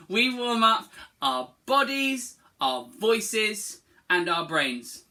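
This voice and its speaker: A school music teacher leading children through a singing warm-up from a camera, upbeat, encouraging and playful. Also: medium pitch, expressive, slow. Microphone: filming themselves on a camera.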